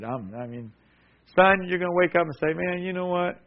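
A man preaching with a slightly high voice, pressing each key word again and again and calling on listeners to say it with him. The sound is dull and lo-fi, like an old radio broadcast. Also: fast. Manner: emphatic, repetitive, call-and-response. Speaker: pastor. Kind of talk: sermon.

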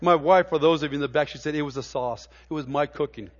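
Talking fast in a fairly high voice, a middle-aged male pastor gives a sermon in a church sanctuary, moving from homey, stammer-filled stories to emphatic preaching. The audio sounds dull.

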